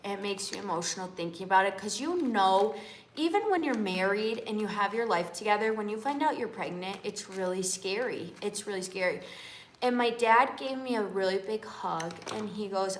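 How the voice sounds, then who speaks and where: This livestream host shares a personal story casually at a moderate pace, her medium-pitched voice lively in intonation. She's chatty and often checks in with viewers ("okay?", "you guys"). The audio has a roomy echo and slight background noise.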